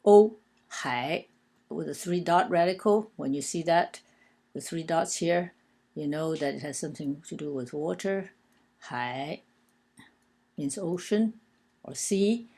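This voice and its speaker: Slow, patient and deliberate, a woman teaches a language lesson, going through characters one by one and frequently stopping for filler sounds. Her voice is low and a little mellow, with a gravelly, creaky edge.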